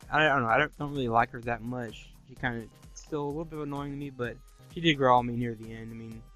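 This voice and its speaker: A man's voice: mid-range voice, fairly even intonation, fast, a bit bright, soft background music. A man co-hosting an anime review, talking casually and rambling, with many fillers. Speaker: co-host of an anime review show.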